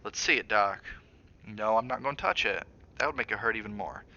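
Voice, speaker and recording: A man's voice: on the low side, fairly quick, sharp tone, lo-fi sound. Man doing a plaintive, hurt little boy. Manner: small, raised, plaintive voice.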